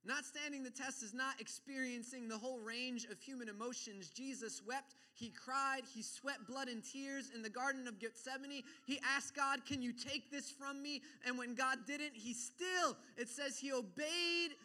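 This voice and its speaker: A man preaches to his congregation in a high, brilliantly bright voice. He swings from forceful declarations down to hushed, dropped asides. When he reads scripture, he slows and weighs each phrase. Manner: reads scripture aloud slowly and deliberately. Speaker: pastor. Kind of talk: sermon.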